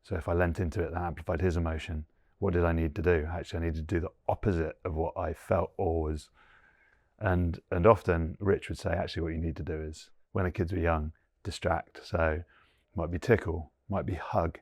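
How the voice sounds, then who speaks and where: A man's voice: low voice, level tone, fairly quick, a little mellow, husky, no echo, clean studio sound. A man in his forties, a guest in an interview, talking earnestly and thinking aloud with many fillers. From England. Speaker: guest, former rugby player. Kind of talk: reflective interview conversation.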